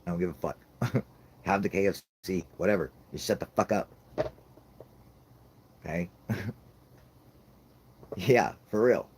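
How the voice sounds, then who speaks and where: A man's voice: low-pitched, lively intonation, unhurried, long pauses, a little mellow, a little hiss or hum. A man ranting about his toddler in a casual chat, swearing constantly and laughing at his own jokes. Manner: profane, laughing, rambling comic rant. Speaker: podcast host.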